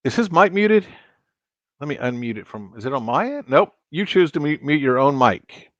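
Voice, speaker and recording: A man's voice: on the high side, animated, normal speed, no echo, highs cut off. A man hosting a casual live stream, talking and joking straight to his viewers. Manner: chatty, joking, talks to viewers directly.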